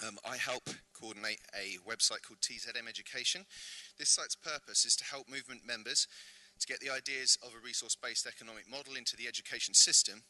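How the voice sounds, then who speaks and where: A man from the UK giving a prepared speech at an event, earnest and rhetorical, often clearing his throat. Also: medium pitch, fast talker, sharp tone, no echo, rough recording. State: slightly out of breath. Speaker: invited speaker. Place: event venue.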